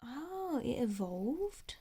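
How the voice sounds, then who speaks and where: A young English woman speaking softly in ASMR style, murmuring to herself as she tries to recall names. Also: sits high, big pitch swings, very slow, slight background noise. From England. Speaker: ASMR creator. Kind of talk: soft-spoken ASMR.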